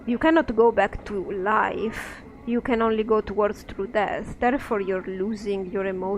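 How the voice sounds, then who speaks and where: A woman giving let's-play commentary, musing aloud in a soft, thoughtful way. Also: medium pitch, unhurried, few pauses, background noise. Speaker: game streamer.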